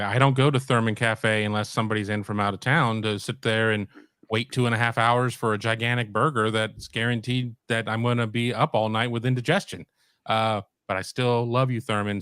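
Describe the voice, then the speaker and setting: A man with a smooth, resonant voice co-hosts a casual sports podcast. He mixes wry, joking asides into his points. The recording is dry and close. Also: on the low side, a bit bright, dry recording. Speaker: podcast co-host.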